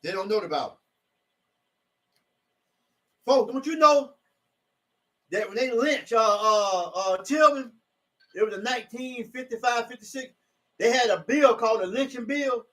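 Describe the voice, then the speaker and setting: A man preaching informally from scripture in a loose, repetitive way, rising to emphatic shouts when he reads the verses. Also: very high-pitched, normal speed. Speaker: self-styled preacher.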